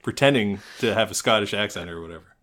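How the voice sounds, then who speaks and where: A man's voice: lowish voice, fast talker, a bit bright. A man co-hosting a podcast, chatting casually in a nasal voice, rambling through a story, swearing and laughing at himself. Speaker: podcast co-host. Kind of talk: casual chat.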